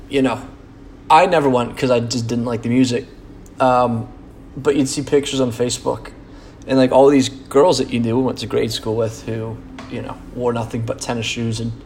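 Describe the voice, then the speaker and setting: Gravelly young man rambling casually. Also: mid-range voice, a little hiss or hum. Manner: rambling, loose, many fillers and swearing. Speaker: podcast host.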